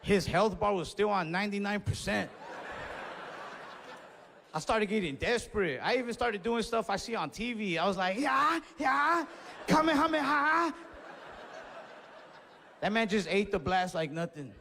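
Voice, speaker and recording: A man with a fairly high voice performs stand-up, spinning a story with lively acted-out quotes. His voice rings out with a long reverb from the stage. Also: normal speed, creaky, slight background noise. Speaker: stand-up comedian.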